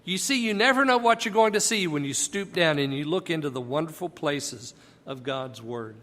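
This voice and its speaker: Male Bible teacher, high and bright, conversational and emphatic, long reverb. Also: animated, moderate pace.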